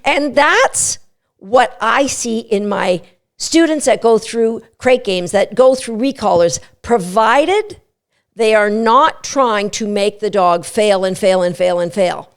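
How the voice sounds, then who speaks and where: A middle-aged woman hosting a dog training podcast, animated and playful, often breaking into quick voices for what a dog might be thinking. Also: medium pitch, smooth. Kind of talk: podcast teaching talk.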